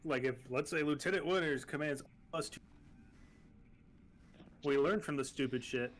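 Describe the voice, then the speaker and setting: Higher-voiced man, deliberate. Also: fairly bright tone, slight background noise. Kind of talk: casual chat.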